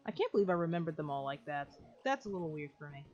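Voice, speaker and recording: A woman's voice: sits low, very animated, fast talker, darkish tone. A woman hosting a let's play, giving casual, chatty gameplay commentary and explaining each step to viewers. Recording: lo-fi with faint game music.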